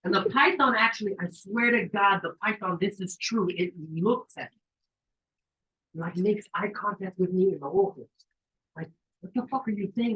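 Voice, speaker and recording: A man reading his own story aloud, animated and profane, in street slang, jumping to high shouted voices for the quotes and dropping low and quiet for suspense. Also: brisk, muffled recording. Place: cabin during a live event.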